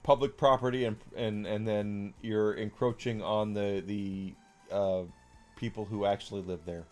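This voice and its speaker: A man's voice: on the low side, fairly even intonation, measured pace, a little mellow, soft background music. Rambling, outspoken man streaming a game. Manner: rambling and outspoken, with many fillers. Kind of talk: casual chat while gaming.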